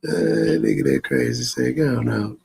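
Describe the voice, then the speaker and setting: A man's voice: mid-range voice, wildly swooping pitch, normal speed, creaky, dark tone, husky. A man in a profane livestream rant, cursing heatedly and mocking his critics with bursts of laughter. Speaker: social media streamer.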